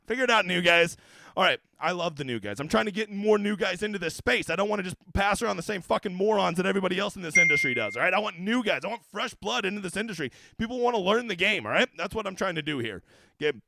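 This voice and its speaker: A man's voice: sits high, expressive, fast talker, creaky, sharp tone, dry recording. A man hosting a fantasy golf livestream in a casual, profane, ranting way, with brash jokes aimed at his viewers. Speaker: daily fantasy golf streamer.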